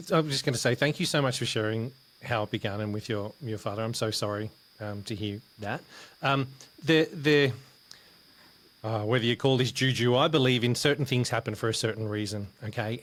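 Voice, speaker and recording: A man hosting a podcast interview, speaking earnestly with halting restarts. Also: medium pitch, fairly bright tone. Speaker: podcast host.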